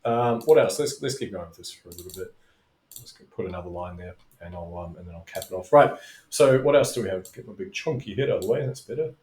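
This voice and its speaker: A man's voice: deep voice, animated, quick pace, a little mellow. Rambling man in an echoey room. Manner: rambling, tangential, swears freely. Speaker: business coach. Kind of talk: casual talking-head video lesson. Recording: roomy echo.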